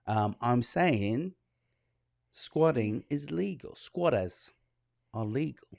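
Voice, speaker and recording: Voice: mid-range voice, slow pace, creaky, no room sound. A co-host talking unhurriedly in a casual podcast chat. The voice swings up and down with a lot of life and frequent laughter. It is recorded close and dry. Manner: laughs a lot, lively rise and fall.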